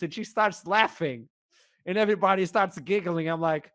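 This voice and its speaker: A young man with a Portuguese accent, an esports caster guesting on a podcast, telling an animated story with laughs and sudden shouts. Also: sits high, moderate pace, no room sound, studio quality. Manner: animated, acts out scenes, laughs often, bursts into shouts.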